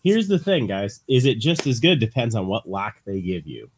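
A man co-hosting a podcast, talking casually in an animated, storytelling way. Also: fairly low pitch, normal speed, slight background noise.

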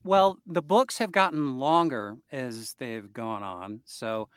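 A man's voice: medium pitch, takes it slowly, fairly bright tone, clear, resonant tone, no echo. A man who narrates audiobooks, talking casually as a guest in an interview, easygoing and laughing often.

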